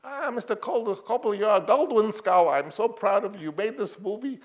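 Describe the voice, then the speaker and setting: An excitable little old studio boss, as an older man puts him on, pitched far above his usual voice. He gets loud and insistent and repeats his words with emphasis. The old boss sounds eager and a bit comic. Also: brisk, close to an everyday voice. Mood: excited.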